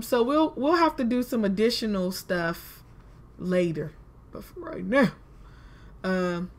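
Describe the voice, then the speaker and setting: A woman giving casual let's-play commentary, chatty and talking to herself, with frustrated exclamations. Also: on the high side. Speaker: gaming video creator.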